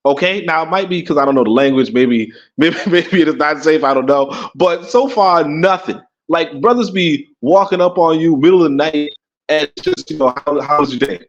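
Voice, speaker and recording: A Caribbean-born man co-hosting a casual talk show, rambling and animated, with many restarts and laughs. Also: fairly high pitch, moderate pace, lo-fi sound. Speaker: podcast co-host. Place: in Africa.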